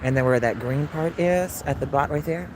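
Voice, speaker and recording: Out walking in the city, a livestreamer from Mississippi talks at a normal speed in a low voice, chatting with viewers and urging her dogs along in between. The phone recording picks up heavy outdoor noise.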